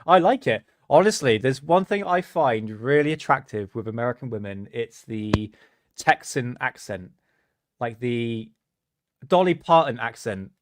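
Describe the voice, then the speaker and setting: A man's voice: mid-range voice, expressive, unhurried, noisy background. Chatty man hosting a live stream. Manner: chatty, hesitant, restarts, laughs often. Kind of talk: casual live-stream chat.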